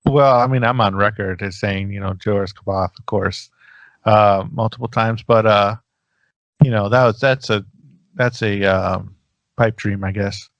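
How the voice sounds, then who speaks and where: A man's voice: lowish voice, fairly even intonation, measured pace, no echo, lo-fi sound. A man co-hosting a podcast in casual chat, easygoing and hesitant, with many fillers. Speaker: podcast co-host.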